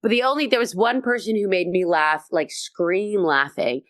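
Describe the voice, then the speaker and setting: A woman comedian chatting as a podcast guest, telling animated stories and acting out quotes, swearing freely. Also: mid-range voice, moderate pace, no room sound, clean studio sound. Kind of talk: casual podcast chat.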